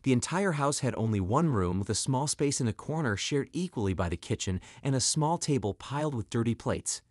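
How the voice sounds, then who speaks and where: A man reading a scripted story with dramatic, expressive delivery. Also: mid-range voice, fairly quick, no echo, clean studio sound. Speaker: narrator.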